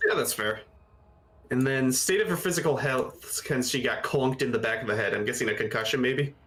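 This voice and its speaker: A man's voice: mid-range voice, brisk, fairly bright tone, rough recording. A man playing a tabletop game, casually asking the game master curious questions. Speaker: player.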